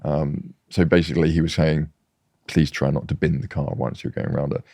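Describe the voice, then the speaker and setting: A man's voice: a bass voice, brisk, no echo. A man guest chatting casually, telling anecdotes with many restarts. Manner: animated storyteller, trailing restarts. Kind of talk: casual chat.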